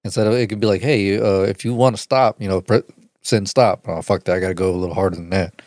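A man's voice: fairly low pitch, steady tone, fast talker, a little mellow, dry recording, studio quality. A man co-hosting a casual comedy podcast, who laughs often and slips into mocking put-on voices. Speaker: podcast co-host.

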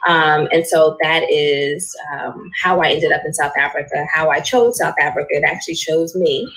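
Low-voiced woman, measured and unhurried. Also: fairly bright tone, poor audio. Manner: measured, with frequent fillers. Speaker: panelist. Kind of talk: casual panel discussion.

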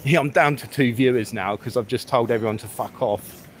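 A man's voice: medium pitch, fairly quick, slight background noise. A man live-streaming from a public street, talking bluntly and swearing as he rambles through a rant.

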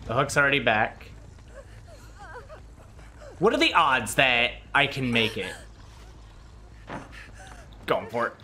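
A young man giving excitable, trash-talking gameplay commentary, swearing freely as he plays. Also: mid-range voice, slow pace, long pauses, a little hiss or hum. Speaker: gaming video creator.

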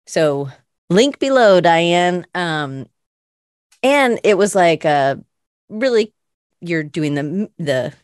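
A woman's voice: fairly low pitch, no echo, clean studio sound. A woman hosting a live creative show, chatting in a rambling, self-deprecating way full of fillers. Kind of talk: casual chat.

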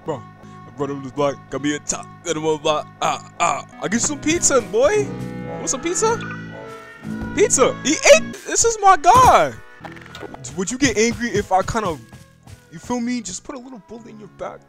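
A young man narrates his gameplay in a high, bouncy voice that swings widely, full of slang and sudden startled yelps. He chats to the creatures on screen as if they were friends. Faint music sits behind him. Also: fairly quick. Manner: excitable and slangy, jumps to yelps when startled, talks to game creatures. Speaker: gaming YouTuber. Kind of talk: casual gaming commentary.

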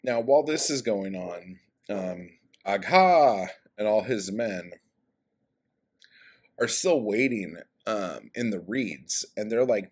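A man's voice: lowish voice, lively intonation, slow pace, a little mellow, breathy edge. A man recapping a story in a casual, rambling way, with lots of swearing and fillers, in a room at home. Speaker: book vlogger. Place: room at home by a street window.

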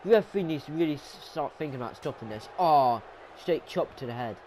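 A young man giving excited, rambling play-by-play commentary over a wrestling video game, pleading with the action on screen. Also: on the high side, a little fast, slight background noise. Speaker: gaming commentator.

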